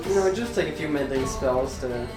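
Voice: mid-range voice, expressive, normal speed. A player at a tabletop game, talking matter-of-fact about the rules. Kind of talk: casual chat at a game table. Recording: echoey room, distant mic, music behind.

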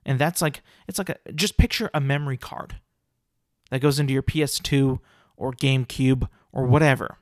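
Solo male podcaster, fed-up rant, dry close mic, middle pitch. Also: normal speed, no room sound. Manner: exasperated, ranting, many fillers and restarts. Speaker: podcast host.

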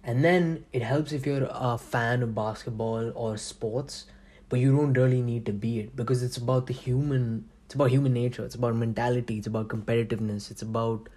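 A man's voice: medium pitch, fairly even intonation, fairly quick, darkish tone. Profane, rambling young podcast host man. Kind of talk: casual podcast monologue.

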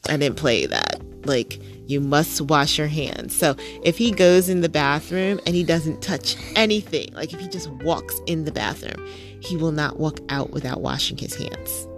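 A woman's voice: low-pitched, unhurried, over music. A woman and mother hosting a podcast, chatting casually and earnestly with frequent fillers and restarts. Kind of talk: casual chat.

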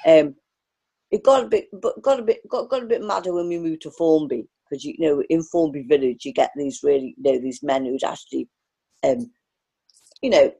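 Brief: woman artist, rambling and reminiscing, dark husky tone. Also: low-pitched, normal speed, rough recording. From Liverpool area, England. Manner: rambling, many fillers and restarts. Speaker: artist guest. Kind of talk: casual reminiscing interview.

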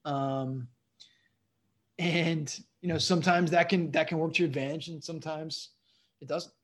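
A man's voice: fairly high pitch, steady tone, normal speed. A man who is a comedian, a guest on a casual interview, telling rambling stories and often asking "you know what I mean".

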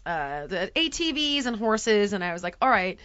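A woman hosting a chat show, telling a story in an animated, exaggerating way and acting out quotes. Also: mid-range voice, normal speed, clean tone, no echo, muffled recording. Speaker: podcast host telling a story. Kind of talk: casual chat.

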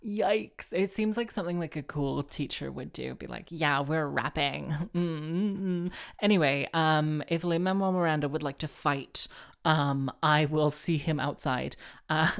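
A woman's voice: low voice, clear, resonant tone. A woman hosting her own show, talking in a rambling, self-mocking way, full of fillers, restarts and giggles. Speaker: solo show host and harpist. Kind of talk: rambling casual monologue.

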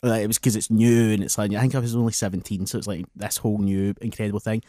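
A man's voice: on the low side, level tone, fast talker, mellow, no room sound, clean studio sound. A man co-hosting a casual podcast chat, telling wry, grumbling stories and swearing freely. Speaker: podcast co-host.

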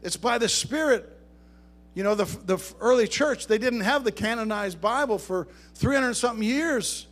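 A man's voice: extremely high pitch, moderate pace, fairly bright tone. A man preaching a sermon to a congregation, talking conversationally, joking with the listeners, and rising to emphatic bursts. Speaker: pastor.

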